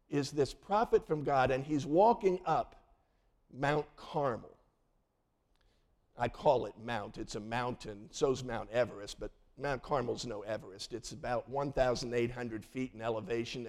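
A man's voice: mid-range voice, darkish tone. A man in his sixties, a pastor telling a childhood story in a sermon and acting out the people in it. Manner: storytelling, acting out voices of family in the tale.

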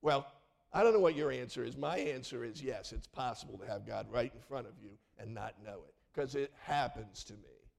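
A middle-aged male pastor telling stories in a sermon, lively and acting out the people in them. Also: medium pitch, fairly quick, creaky. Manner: animated, acts out voices in his stories. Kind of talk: storytelling sermon.

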